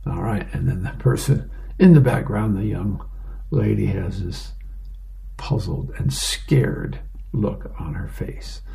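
A man's voice: on the low side, slow, gravelly, mellow. A man casually reading an advice column and newspaper comics aloud, describing each panel with small fillers.

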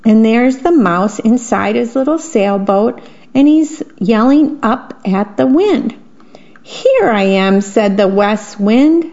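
A woman volunteer broadcaster reading children's bedtime stories aloud, gently, stopping to describe the pictures. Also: a little high, expressive, takes it slowly. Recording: dull lo-fi radio broadcast.

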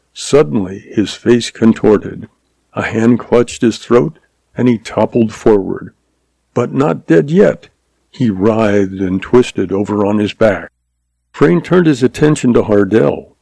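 A man narrates a western story in a measured, dramatic way. His voice sits low with a gravelly fry and a dark, mellow tone. The recording is dry and close, with no room sound. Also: dry recording.

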